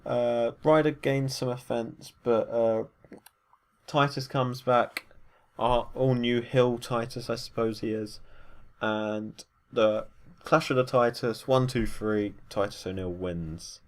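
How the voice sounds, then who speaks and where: A man's voice: mid-range voice, fairly even intonation, takes it slowly. A man giving a casual, rambling recap of wrestling matches, full of fillers and self-corrections. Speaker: wrestling show reviewer.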